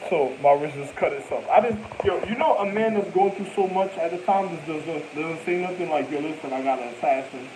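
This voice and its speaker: A young man telling a rambling, animated personal story in profane street slang, full of repetitions and asides. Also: high-pitched, brisk, hardly any pauses, noisy background. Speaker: vlogger.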